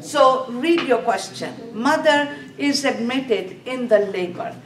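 A woman's voice: on the high side, animated, takes it slowly, far from the mic. A woman teaching a nursing exam review class, repeating key points and telling students what to underline. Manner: repetitive, emphatic, tells students to underline words. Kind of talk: classroom lecture. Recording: echoey room, voice from off mic, faint noise.

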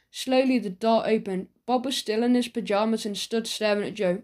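A woman narrating a children's audiobook in a lively, expressive way. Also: mid-range voice, moderate pace. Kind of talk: storybook narration.

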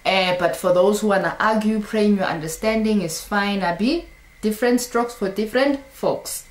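Animated woman preaching in an echoey room. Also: mid-range voice, moderate pace. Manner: animated, scolding and teasing, mimics voices. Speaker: Christian teacher. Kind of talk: casual spoken sermon to camera.

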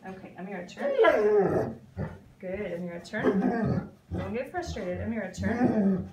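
A woman's voice: mid-range voice, normal speed, long pauses, noisy background. A woman training a dog, coaxing it with short repeated cues and explaining the steps as she goes. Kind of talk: live training session with commentary to camera. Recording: echoey, from a distant camera mic.

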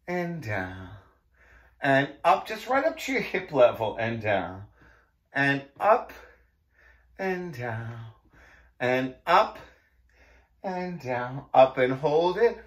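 A man's voice: fairly high pitch, fairly bright tone. A man with a Boston accent cueing a mat Pilates class, playful and jokey as he counts through the moves. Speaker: Pilates instructor.

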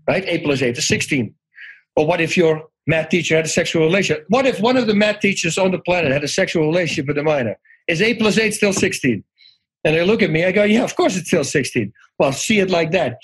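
A middle-aged man from the Netherlands with a Dutch accent, telling stories as an interview guest, animated, acting out quoted lines and often restarting his sentences. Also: on the high side, slightly rough, poor audio. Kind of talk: casual interview storytelling.

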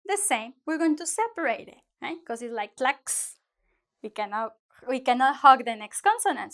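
A woman with a high, bright-pitched voice teaches a lesson online. She is playful and lively, moving easily between English and as she explains. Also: vocal fry. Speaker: Spanish teacher.

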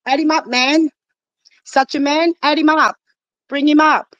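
A woman's voice: high voice, steady tone, unhurried, fairly bright tone, dry recording, muffled recording. A woman from Australia, calling into a live stream and swearing angrily through a heated argument. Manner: angry, swearing, hurling insults. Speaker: caller.

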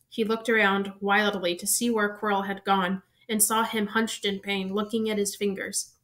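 A woman narrates a children's fantasy novel aloud, with expressive storytelling. Her voice sits at an ordinary middle pitch for a woman. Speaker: reader.

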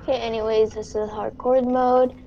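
A woman's voice: fairly high pitch, flat delivery, moderate pace, creaky, dull audio, noisy background. A woman chatting casually while playing a game, hesitant and trailing off with fillers, over a voice chat mic. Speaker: game player. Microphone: gaming voice chat mic.

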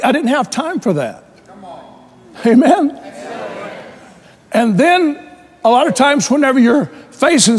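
High-voiced preacher man in an echoing hall. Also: breathy edge. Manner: storytelling preacher who rises to shouting when quoting. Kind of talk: sermon.

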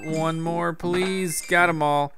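A man hosting a gaming video, chatting casually as he plays, thinking out loud and addressing his viewers as "guys". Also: a little high, steady tone, slow pace, vocal fry, music in the background. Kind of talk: casual gameplay commentary.

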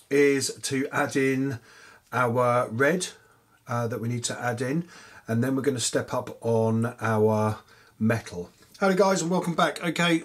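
A man hosting a casual miniature-painting tutorial, rambling with lots of fillers and muttering softly to himself as he paints, chewing peanuts as he talks. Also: medium pitch. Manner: rambling, chatty, many fillers; chewing peanuts while talking. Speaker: miniature painting hobby channel host.

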